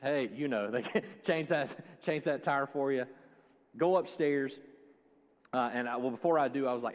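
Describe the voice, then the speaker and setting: A man preaching a sermon as a joking, animated storyteller. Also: a little high, brisk. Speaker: pastor. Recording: long hall reverb.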